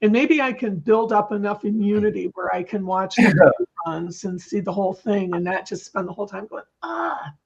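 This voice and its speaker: Gravelly chatty speaker on a dull line. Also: mid-range voice, steady tone, fairly quick. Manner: chatty, rambling, self-deprecating. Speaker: panelist. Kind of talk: casual panel chat.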